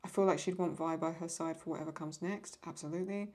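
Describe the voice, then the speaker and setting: A woman talks in a loose, rambling way, as a video host answering viewer questions. Her voice sits a little low for a woman. She keeps paraphrasing and stopping to apologize when she loses her thread. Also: fairly even intonation, fast talker, a little mellow. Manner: rambling, paraphrasing lines, apologizes for getting stuck. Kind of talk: casual chat.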